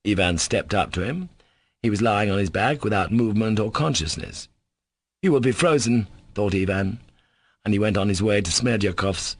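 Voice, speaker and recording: A man narrating an audiobook in a steady, measured reading voice. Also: lowish voice. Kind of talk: scripted narration.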